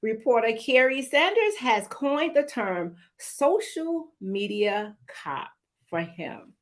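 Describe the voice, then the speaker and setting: A woman hosting a live online talk show on a video call, giving church-flavored greetings and shout-outs to viewers. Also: fairly high pitch, big pitch swings, takes it slowly.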